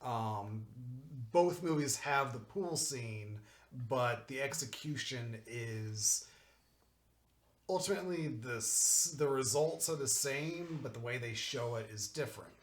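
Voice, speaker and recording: A man's voice: mid-range voice, expressive, takes it slowly. A man co-hosting a casual podcast, rambling through his explanations with lots of "like". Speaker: podcast co-host. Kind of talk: casual group chat. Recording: roomy echo.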